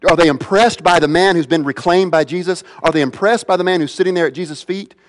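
A man's voice: a little high, quick pace, long reverb tail. A man preaching a sermon as pastor, emphatic, with repeated phrases and rhetorical questions.

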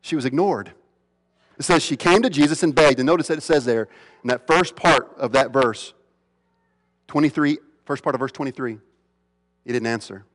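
A man preaching a sermon as a pastor, asking rhetorical questions and swinging between loud emphatic lines and hushed ones. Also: medium pitch, normal speed, long pauses. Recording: long reverb of a large hall.

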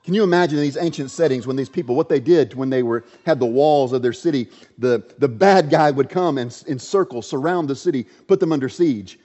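Emphatic preacher in a reverberant church. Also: male voice, medium pitch, brisk, few pauses, lo-fi sound. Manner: emphatic, varies loudness, drops to quiet asides. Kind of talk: sermon. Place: church with a pulpit.

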